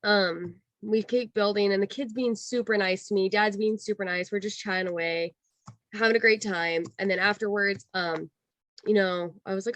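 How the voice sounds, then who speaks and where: A young woman in her twenties, a guest on a casual interview, telling a long personal story with lots of "like" and acting out quotes in a higher voice. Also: steady tone, normal speed, fairly bright tone, no echo. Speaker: guest, former theme park cast member.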